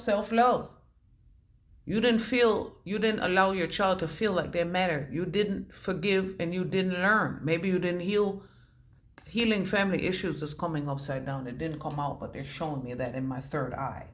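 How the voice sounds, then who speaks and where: A woman's voice: on the low side, normal speed, echoey room. A woman giving a channeled intuitive reading who free-associates from word to word, makes puns and swears casually. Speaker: intuitive reader.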